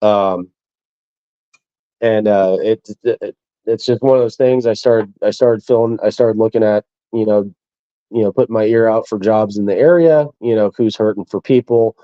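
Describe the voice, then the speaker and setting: Mellow low-voiced man, dull dry audio. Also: fairly even intonation, moderate pace, no echo. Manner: easygoing, chuckles through his anecdotes. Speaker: military veteran guest. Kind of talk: casual interview storytelling.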